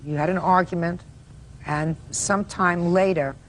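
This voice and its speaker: A woman's voice: fairly low pitch, fairly even intonation, normal speed, slight background noise. Blunt older woman judge, pressing hard. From United States. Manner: blunt, pressing, interrupting questions. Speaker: courtroom judge. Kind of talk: courtroom questioning.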